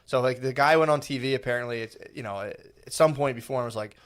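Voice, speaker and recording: A man's voice: mid-range voice, fast, fairly bright tone. A man, co-hosting a podcast in casual, rambling, profane chat. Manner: rambling, profane, quotes people in put-on voices. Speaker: podcast co-host.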